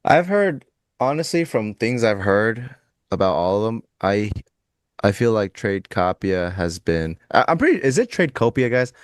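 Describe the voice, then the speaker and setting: A man's voice: lowish voice, sing-song, moderate pace, dry recording, studio quality. A man co-hosting a live stream, hesitant and repeating himself while joking along. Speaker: co-host. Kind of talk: casual live-stream chat.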